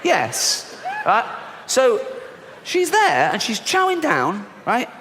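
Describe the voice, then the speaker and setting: A man's voice: very high-pitched, wildly swooping pitch, takes it slowly, pushed and bright. A British man doing stand-up comedy on a large theatre stage, sarcastic and mock-outraged, with frequent swearing. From Britain. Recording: live theatre reverb with audience noise.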